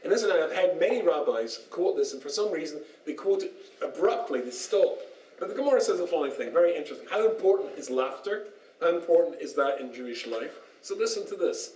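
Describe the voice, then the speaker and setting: A man's voice: fairly high pitch, fast. A man, a rabbi, giving a humorous lecture and telling jokes and stories as he goes. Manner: joking storyteller, lively, laughs often. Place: small synagogue lecture room. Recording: roomy, distant, faint background noise.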